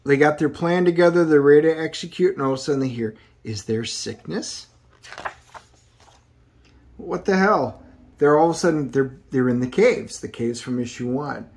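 A man's voice: fairly high pitch, fairly quick, darkish tone. A middle-aged man hosting a casual comic book review video, rambling through the plot with many ums and uhs.

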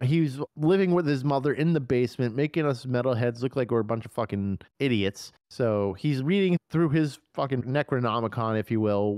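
A man co-hosting a horror movie podcast who retells scenes in an excitable, profane, animated way. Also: medium pitch, dry recording, studio quality. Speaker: podcast co-host. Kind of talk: casual movie review chat.

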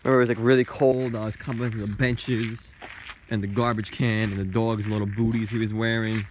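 A man's voice: fairly low pitch, little pitch movement, fairly quick, a little hiss or hum. A young man vlogging outdoors by a lake on a handheld phone, narrating playfully to the camera. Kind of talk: casual travel vlog.

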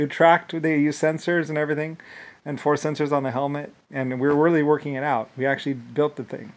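A man's voice: a little high, rough recording. A man talking in a rambling monologue, restarting phrases often and breaking into laughter.

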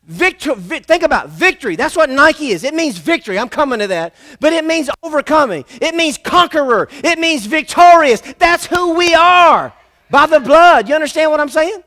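A man's voice: very high voice, lively intonation, normal speed, sharp tone. A man preaching a sermon as pastor in a church, emphatic and repetitive, calling on the congregation to answer back.

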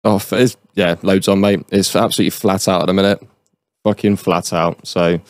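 Lower-voiced laid-back male guest. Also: steady tone, brisk, no room sound. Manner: brief, laid-back answers. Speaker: podcast guest. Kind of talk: casual chat.

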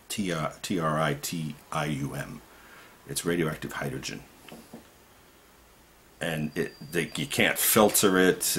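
A man with a low, gravelly voice talks straight to his audience in an impassioned monologue. His pitch leaps up on indignant outbursts and sinks low when he mutters asides, so the delivery swings widely throughout. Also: a bit bright, slight background noise. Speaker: activist vlogger.

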